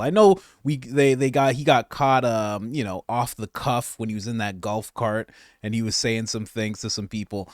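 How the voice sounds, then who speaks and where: A man's voice: mid-range voice, no echo, studio quality. A man hosting a casual political commentary show, mocking and joking as he reacts to clips. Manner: mocking, joking, laughs often. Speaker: commentary host.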